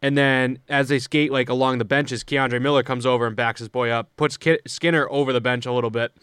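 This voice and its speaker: A man's voice: mid-range voice, steady tone, fairly bright tone, clear, resonant tone, no room sound, studio quality. A young man co-hosting a casual sports podcast, talking loosely and swearing often. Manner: loose and profane, quick asides. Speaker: podcast co-host. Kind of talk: casual hockey chat.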